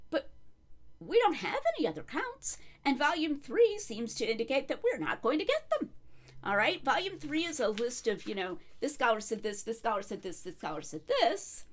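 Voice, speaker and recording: A woman's voice: a little high, fairly bright tone. A woman giving a solo commentary monologue, arguing her point in an emphatic, carefully reasoned way. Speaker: video commentator.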